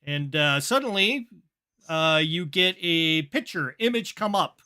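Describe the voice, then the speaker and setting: A man narrating a sci-fi tabletop game as game master, in a halting way with many fillers. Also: a little high, lively intonation, bright, forceful tone, smooth.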